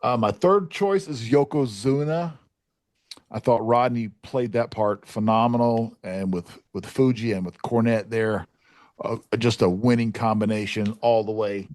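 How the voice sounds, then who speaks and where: A man co-hosting a casual podcast, easygoing and unhurried. His voice sits in a middle pitch, recorded dry and close. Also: dry recording. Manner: relaxed, with many fillers and restarts. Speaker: co-host.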